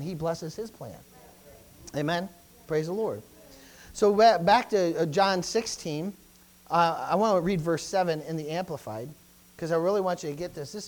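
A man's voice: high-pitched, darkish tone, low-quality recording. A middle-aged man preaching a sermon as pastor, stumbling into restarts, calling out Amen, and building to emphatic peaks.

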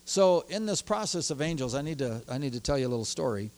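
Animated preaching man, somewhat high voice. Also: quick pace. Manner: animated, grows excited when telling stories. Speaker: pastor. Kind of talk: sermon with personal storytelling.

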